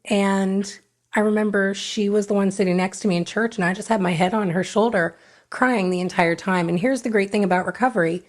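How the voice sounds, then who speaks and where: A woman's voice: mid-range voice, fairly even intonation, brisk. A middle-aged woman, a podcast guest, telling her recovery story frankly and with feeling, acting out what she said back then. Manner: frank, emotional, re-enacts her own past words.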